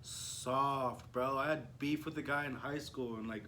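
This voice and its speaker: A young man on a comedy podcast with a sharp, bright voice. He tells his stories in a low, muttered way between bursts of banter. Faint room noise sits behind him. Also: steady tone, unhurried. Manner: drops to a low, muttered voice when retelling stories. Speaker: podcast co-host.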